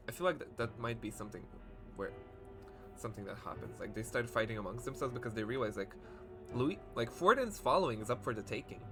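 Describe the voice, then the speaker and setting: A man streaming a game live, talking emotionally and rambling with lots of fillers and swearing, choked up and close to tears. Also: mid-range voice. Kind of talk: live gameplay commentary.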